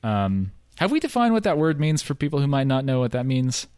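A man's voice: medium pitch, sing-song, brisk, darkish tone, smooth, no echo, studio quality. A man co-hosting a casual podcast chat, loose and laid-back, reviewing songs. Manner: laid-back, loose, reads lyrics aloud. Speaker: podcast co-host.

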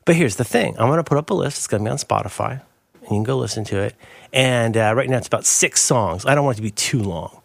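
A man's voice: medium pitch, animated, fast talker, vocal fry. A middle-aged man riffing playfully as a podcast co-host in casual chat.

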